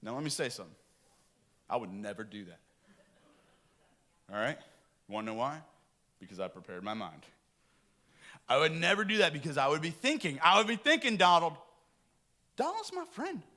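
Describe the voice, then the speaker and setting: A middle-aged man preaching a lively, joking sermon to his congregation in a church. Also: medium pitch, fairly quick, pauses often. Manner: animated, joking and talking with the congregation. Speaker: pastor. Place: church sanctuary.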